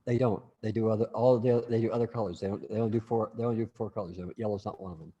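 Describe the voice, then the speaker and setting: A man's voice: lowish voice, steady tone, fast, mellow, husky, long reverb tail, highs cut off. A man teaching a class in a casual, rambling way, full of restarts and asides.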